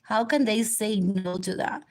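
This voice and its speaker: A woman's voice: medium pitch, unhurried, darkish tone. A woman rambling through a livestream monologue, drifting between topics and repeating herself.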